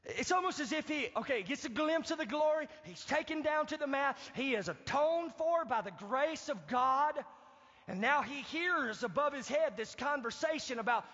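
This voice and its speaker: A male pastor preaching a sermon, swinging from loud to hushed and acting out quoted pleas. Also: expressive, moderate pace. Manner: acts out quoted pleas in a higher voice. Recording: dull lo-fi sound, long hall reverb.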